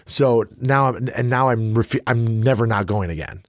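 A man's voice: mid-range voice, moderate pace, no echo, studio quality. A man in his forties from the Chicago suburbs, co-hosting a podcast in a rambling, self-mocking way. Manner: rambling, restarts often, laughs at himself. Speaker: podcast co-host. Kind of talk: casual podcast chat.

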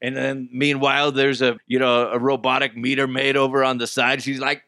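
This is a middle-aged man's casual solo podcast, full of crude humor and lively storytelling interrupted by hiccups. His pitch is medium and his pace moderate with few pauses, recorded dry at studio quality.

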